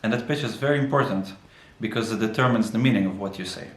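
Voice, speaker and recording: A man's voice: lowish voice, fast talker, heavy reverb, distant mic, poor audio. A man teaching a beginner language lesson, explaining patiently step by step.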